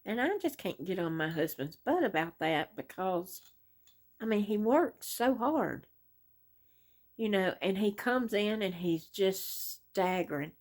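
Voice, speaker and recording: A middle-aged woman, chatting casually on her crochet vlog and rambling through a story with many pauses and "anyway"s. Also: medium pitch, expressive. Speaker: crochet vlogger.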